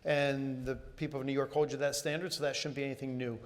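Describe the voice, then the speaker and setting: A man's voice: mid-range voice, flat delivery, fast. A man in his forties, a guest at a live Q&A, answering conversationally and searching for words with fillers and restarts. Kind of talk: casual on-stage Q&A answers. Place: stage at a live event.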